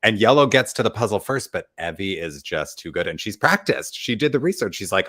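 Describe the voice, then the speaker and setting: A man's voice: on the low side, lively intonation, brisk, few pauses, pushed and bright. A man co-hosting a casual reality TV recap, talking animatedly and acting out other people's quotes in put-on voices. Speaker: podcast co-host.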